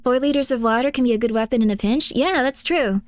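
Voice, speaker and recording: Woman streamer just chatting, kinda rambly, lots of likes and laughs, slightly high voice. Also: fast talker, no echo. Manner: rambling, frequent fillers and laughter. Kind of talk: casual chat, reacting to chat and videos.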